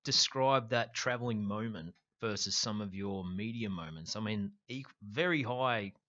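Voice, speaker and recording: Give me a man interviewing a guest, bright-toned and encouraging. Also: fairly low pitch, unhurried, dull audio. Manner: encouraging, chips in with short replies. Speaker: podcast host. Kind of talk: casual interview.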